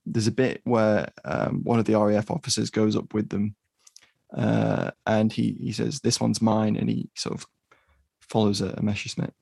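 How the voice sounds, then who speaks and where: A man co-hosting a podcast, discussing a film in a measured, hesitant way with many fillers. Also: fairly low pitch, steady tone, vocal fry, a little mellow, husky, dry recording, clean studio sound. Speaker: podcast co-host.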